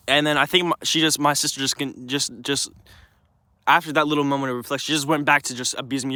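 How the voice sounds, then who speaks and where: A young man with a somewhat high voice tells a personal story as a vlogger. He is agitated and rambling, restarts his sentences often and swears freely. The sound is dry, with no room echo. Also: fast, sharp tone.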